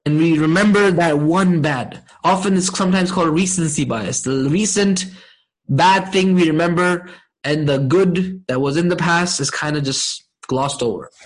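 A man teaching a Quran and Arabic lesson, checking in with his class often and reciting verses quickly. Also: a little high, rough recording. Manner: asks the class frequent check-in questions, many fillers. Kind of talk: interactive online class lesson.

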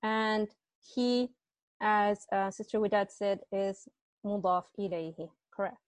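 Speaking through earbuds on a video call, a woman teaches Arabic grammar to students online. She explains patiently, step by step, and asks them questions. Her mid-range voice is slow, with no echo.

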